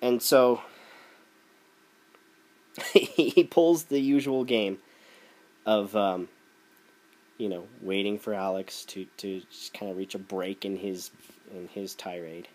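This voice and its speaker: A man's voice: lowish voice, slow, pauses often, darkish tone. A man delivering a sarcastic, ranting opinion commentary. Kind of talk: opinion rant video.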